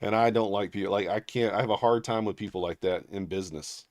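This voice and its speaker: A man with a lowish voice hosts a casual livestream, telling loose, rambling stories packed with fillers. He breaks off to read viewer names aloud and thank them. The sound is dry and close, with no room echo. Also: fairly even intonation, fast, a little mellow. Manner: rambling storyteller, heavy on fillers and restarts. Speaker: livestream trading host.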